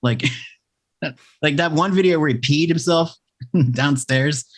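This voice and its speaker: A man's voice: fairly high pitch, measured pace. A man hosting a podcast in casual chat, rambling and joking with frequent fillers and restarts. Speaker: podcast host.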